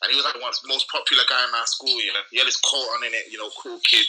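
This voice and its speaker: A young man, telling a school story in a rambling, excited way full of slang on a casual podcast. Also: mid-range voice, racing, low-quality recording. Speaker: podcast co-host.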